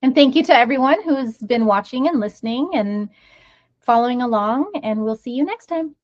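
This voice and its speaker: Woman podcast host, higher voice, affirming; dry, slightly muffled recording. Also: lively intonation, moderate pace, no echo. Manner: warm affirming, short agreements. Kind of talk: casual podcast conversation. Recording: dull, dry close mic.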